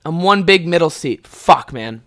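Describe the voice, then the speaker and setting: A man's voice: on the high side, animated, a little slow, a bit bright. A young man from Ontario, a podcast host, telling rambling, profane stories in a casual way and laughing often. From Ontario, Canada. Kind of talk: casual storytelling.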